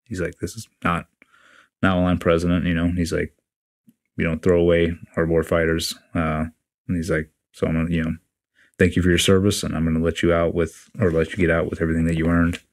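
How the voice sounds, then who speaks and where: A man in his forties with a very deep, low-pitched voice sits as a guest in a casual interview. He recounts events bluntly, swears without hesitation, and slips into quoting what other people said. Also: a little fast. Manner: blunt, profane, animated retelling with quoted dialogue. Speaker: podcast guest, retiring Navy SEAL chief.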